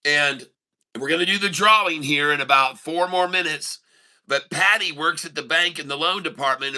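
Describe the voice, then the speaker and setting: Bright-voiced rambling livestream host man. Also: a little high. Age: middle-aged. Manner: rambling, filler-heavy, answers chat mid-story. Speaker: day-trading livestream host. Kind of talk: casual live-stream chat and joke telling.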